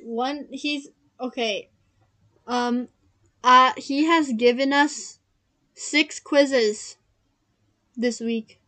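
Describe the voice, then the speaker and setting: A woman's voice: high-pitched, steady tone, very slow, pauses often, bright, forceful tone. A young woman co-hosting a casual podcast, rambling with lots of fillers and giggles. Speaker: podcast co-host. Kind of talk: casual chat.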